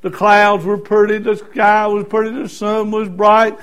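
A middle-aged man preaches his own testimony in a folksy, storytelling way. His voice sits high for a man, and he swings from hushed, quiet passages up to loud, shouted bursts. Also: monotone, measured pace, clean tone. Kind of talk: sermon testimony.

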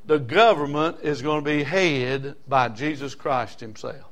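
A man from South Carolina with a Southern accent, preaching a sermon in rhythmic bursts with call-and-response amens, swinging from loud shouts to quiet asides. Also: a little high, unhurried. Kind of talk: fiery sermon.

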